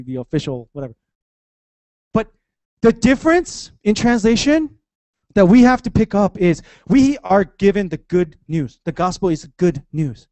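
High-voiced man preaching with playful energy. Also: no echo. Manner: animated, conversational preaching with playful asides. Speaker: pastor. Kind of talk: sermon. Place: church.

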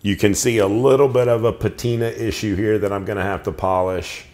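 Middle-aged guy gushing over his knives, kinda low voice, rambles and restarts a lot. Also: fairly even intonation, brisk, darkish tone. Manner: enthusiastic, rambling with restarts and fillers. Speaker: knife collector reviewing knives. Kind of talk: casual show-and-tell.

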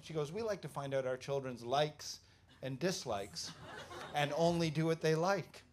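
A Canadian stand-up comedian in his fifties telling stories with lots of swearing and quick asides to the audience. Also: on the high side. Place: comedy club stage with audience. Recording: noisy club recording. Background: audience laughter and room noise.

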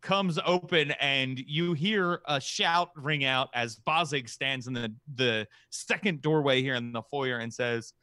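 A man's voice: medium pitch, a little slow, hardly any pauses, sharp tone, no echo, studio quality. A man running a tabletop game as game master, narrating the action casually with many fillers.

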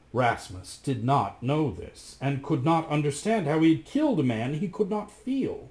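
A male storyteller reading an old fairy tale aloud, his pitch rising and falling in lively swings. He tells it with dramatic, expressive flair.

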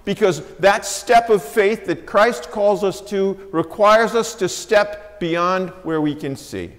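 A high-pitched man preaching to his congregation in a church sanctuary. His voice rings with a long reverb tail off the walls. He tells the story lively, dropping soft and low for quotes and rising again. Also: slow pace. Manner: storytelling, acts out quoted lines with shifting pitch and volume. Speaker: pastor. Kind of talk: sermon.

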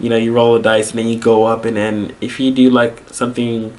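A young man, an English teacher, telling a personal story in a casual vlog, animated and full of fillers, acting out his own reactions. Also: mid-range voice, a little fast. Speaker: vlogger, English teacher abroad.

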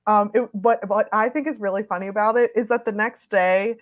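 A woman's voice: medium pitch, steady tone, brisk. A young woman, a podcaster and author, telling a rambling story on a casual live stream and breaking into laughter often.

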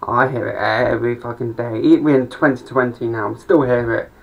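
A man's voice: mid-range voice, fairly even intonation, brisk, gravelly, a bit bright. A young man rambling through a sweary stand-up monologue with mumbled asides. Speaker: amateur comedian. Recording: dull lo-fi home recording.

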